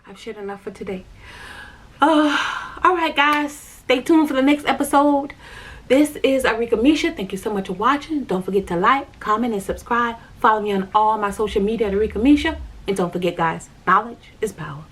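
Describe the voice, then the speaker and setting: Woman, husky voice, personal testimony vlog, emphatic, repeats herself, talks to viewers. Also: fairly high pitch, a little fast, a bit bright. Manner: emphatic, repetitive, conversational storytelling; addresses viewers directly. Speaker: vlogger sharing her spiritual journey.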